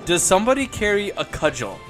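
A man chatting casually as a podcast co-host, animated and joking. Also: high-pitched, fast talker, faint music behind. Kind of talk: casual chat.

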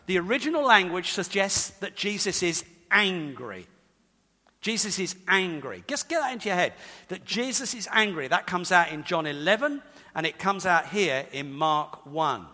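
Male preacher, high and animated, emphatic and repetitive in sermon, echoing hall reverb. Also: normal speed. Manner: emphatic, repeats key points; explains scripture conversationally.

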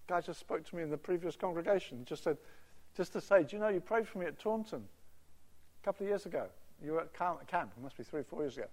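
A man preaching a sermon, telling stories and acting out quotes, building to loud emphatic peaks. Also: high-pitched, fast. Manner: animated storytelling, voice rising to loud emphatic peaks. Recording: reverberant hall, voice at times off-mic.

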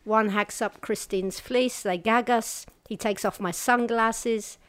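A woman telling her own survival story in a halting, earnest way, shifting between brisk and slow, quiet passages and dropping to a hush at the hardest moments. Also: fairly high pitch, fairly even intonation, no room sound. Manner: halting and earnest, with restarts and hushed pauses at hard moments. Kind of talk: personal testimony told to an audience.

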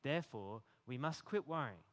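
A man preaching a sermon in a conversational way, with many fillers and restarts, getting animated at times. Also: medium pitch, moderate pace, big-room sound. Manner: animated when voicing imagined rebukes.

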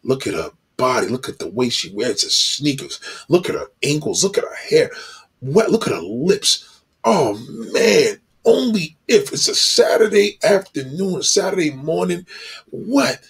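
A man's voice: on the high side, big pitch swings, a little slow, husky, full character voice. A man voicing a smitten man who gawks at a passing woman and mutters in awe. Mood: awestruck.

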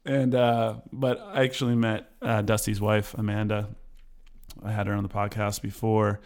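Male podcast host, casual interview chat, low-pitched, joking, halting with fillers. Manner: relaxed and joking, with many fillers and restarts.

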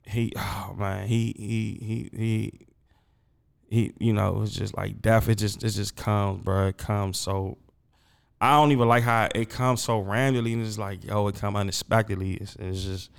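A man's voice: lowish voice, fairly even intonation, a little slow, vocal fry, smooth. A grieving man in casual conversation, rambling emotionally and repeating himself, often trailing off and starting over. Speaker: guest.

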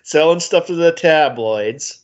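A man's voice: on the high side, unhurried, dull audio. A man co-hosting a podcast in casual chat, dry and sarcastic, often laughing as he critiques an album. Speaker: podcast co-host.

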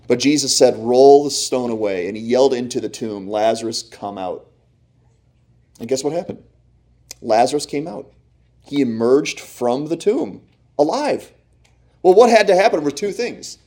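Male pastor, mellow tone, preaching with strong shifts between loud and soft. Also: mid-range voice. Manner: emphatic preaching, swinging between loud and hushed. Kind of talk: sermon.

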